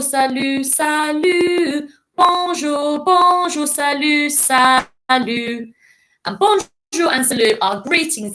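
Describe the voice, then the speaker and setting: A woman speaks to young children in a clear, patient and encouraging voice. Her voice sits a little high. She sounds like a primary school teacher recording a lesson. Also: a bit bright.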